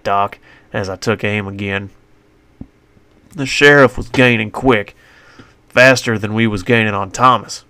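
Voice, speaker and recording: A man's voice: fairly low pitch, sharp tone, clean tone, no echo. A man narrating his own western story in a folksy, colloquial first-person voice on a close mic.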